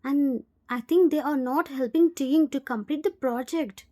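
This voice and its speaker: High-voiced woman narrating fan fiction. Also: unhurried. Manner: plain, steady second-person narration.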